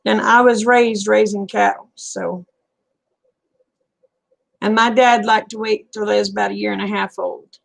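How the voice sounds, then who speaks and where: A woman's voice: medium pitch, fairly even intonation, unhurried, creaky, long pauses. A middle-aged woman with a Southern US accent, chatting casually with viewers and answering their comments in a folksy way. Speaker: livestream host.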